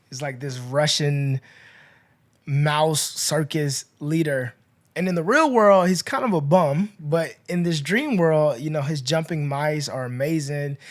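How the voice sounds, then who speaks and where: A man hosting a podcast, casually retelling a movie's plot in a chatty, rambling way, full of "you know" and "like", with his voice rising and dropping in loudness. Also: fairly high pitch. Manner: chatty, filler-heavy storytelling with swings in loudness. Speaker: podcast host.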